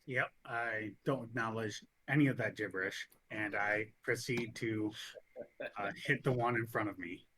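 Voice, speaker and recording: A man's voice: lowish voice, normal speed, pushed and bright, rough recording. A man playing a tabletop game, speaking briefly and matter-of-factly. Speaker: player. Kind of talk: casual tabletop play.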